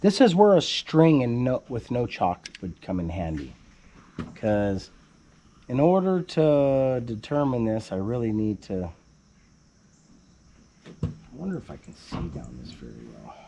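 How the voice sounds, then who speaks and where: Guy explaining roof stuff in a goofy bouncy way, kinda mellow voice, out on site. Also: medium pitch, sing-song, measured pace, long pauses, a little hiss or hum. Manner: playful, joking, calls viewer "baby cakes". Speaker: homesteader building his house. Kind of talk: casual how-to explanation.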